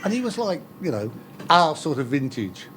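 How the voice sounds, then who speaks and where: A man's voice: fairly high pitch, very animated, moderate pace, heavy background noise. An older man, telling anecdotes as a guest in a casual chat and laughing at his own stories. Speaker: guest storyteller.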